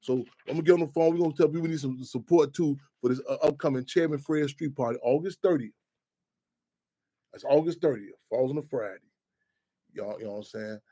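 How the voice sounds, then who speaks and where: A man's voice: medium pitch, fairly quick, warm tone. A man hosting a radio talk show, speaking in loose, profane street talk full of restarts.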